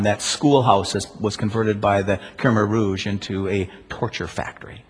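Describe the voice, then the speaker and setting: A man preaching a sermon as pastor, asking rhetorical questions and moving between loud emphasis and quiet, hushed stretches. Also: medium pitch, breathy edge. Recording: long church reverb.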